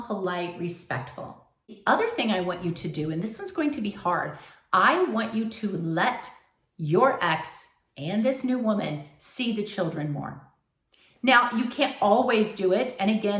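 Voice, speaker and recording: A woman's voice: mid-range voice, animated, a little slow, a bit bright. A woman coaching her listeners firmly in a direct advice talk, sometimes acting out what they might say. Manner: firm, coaching, acts out quoted lines. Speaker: advice host. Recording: echoey room.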